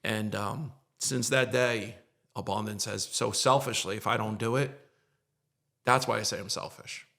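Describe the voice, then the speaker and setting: A man's voice: on the low side, steady tone, a little slow, gravelly, bright, forceful tone. A middle-aged man, a podcast guest, tells an emotional story in an earnest, repetitive way and gets choked up at times.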